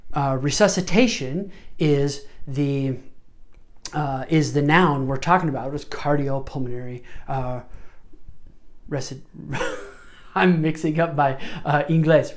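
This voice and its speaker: A woman's voice: low-pitched, unhurried, pauses often. A woman teaching medical Spanish word order, mixing Spanish words into her English and often checking in with "okay?".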